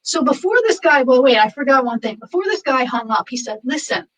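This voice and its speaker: High-voiced woman telling a lively story. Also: a little fast, far from the mic, low-quality recording. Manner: animated, quotes people in lively voices. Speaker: massage studio owner. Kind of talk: casual storytelling chat.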